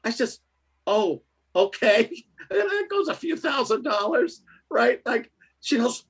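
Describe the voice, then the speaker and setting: A man's voice: extremely high pitch, very animated, takes it slowly, gravelly, breathy edge. A man telling a story in casual chat, laughing often and acting out the other voices in it. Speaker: co-host.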